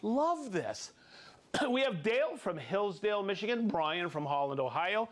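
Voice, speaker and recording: Upbeat man with a high, lively voice. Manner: upbeat, playful, reads names and places quickly. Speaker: host. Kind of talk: live stream shout-outs to viewers.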